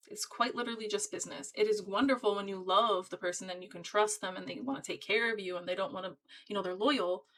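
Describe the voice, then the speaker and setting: A woman's voice: medium pitch, fairly bright tone, rough recording. A woman giving a casual tarot reading to her viewers, talking in a chatty, emphatic and encouraging way. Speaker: tarot reader.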